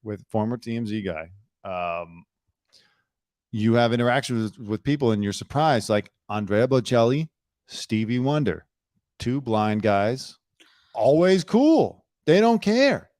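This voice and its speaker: A man's voice: mid-range voice, expressive, measured pace, darkish tone, dry recording. A sarcastic male podcast host who wisecracks his way through the news. His voice sits mid-range. The sound is dry and close, with no room around it. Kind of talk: casual news chat.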